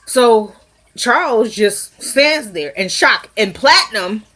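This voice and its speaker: A woman's voice: a little high, expressive, takes it slowly, fairly bright tone. A woman, sniffly, recapping a TV episode in a casual vlog, chatty, laughing and acting out quotes.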